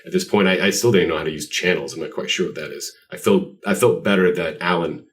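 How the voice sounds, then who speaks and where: A man's voice: low voice, fast talker. A man guest on a podcast interview, telling rambling, self-deprecating stories. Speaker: guest artist. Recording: voice distant from the mic.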